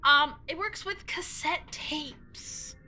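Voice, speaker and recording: Bright, lively young-sounding woman streamer. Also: sits high, slow, faint music behind. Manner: playful, chatty, swears, reads game dialogue aloud. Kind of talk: casual gameplay commentary.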